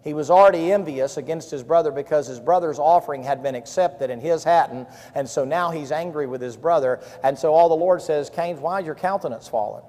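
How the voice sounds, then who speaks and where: A man's voice: on the high side, fairly quick, few pauses, mellow. A male pastor, preaching a sermon with emphatic, repeated phrases. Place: camp-meeting hall. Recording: reverberant hall.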